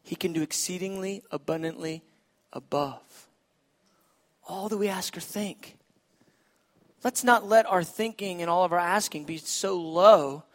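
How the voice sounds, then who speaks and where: Animated high-voiced preacher. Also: male voice, a little slow, long pauses. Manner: animated, swings from shouting to hushed. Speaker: pastor. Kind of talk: sermon.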